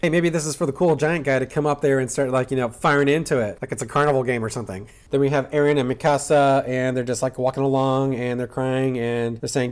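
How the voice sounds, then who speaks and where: A man's voice: medium pitch, steady tone, fast, hardly any pauses, darkish tone. Joking man reviewing a manga. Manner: joking, chuckles between lines. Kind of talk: casual comic review.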